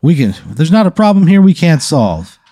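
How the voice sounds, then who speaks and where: A man voicing a friendly male event manager who smooths things over, in a jovial, placating way. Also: fairly high pitch, sing-song, moderate pace, warm tone, dry recording, studio quality, pitched above the performer's own voice.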